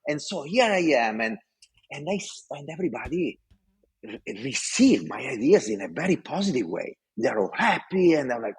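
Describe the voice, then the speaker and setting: Husky-voiced Italian man, passionate storyteller. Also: mid-range voice, big pitch swings, normal speed, low-quality recording. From Italy. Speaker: podcast guest. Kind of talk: interview storytelling.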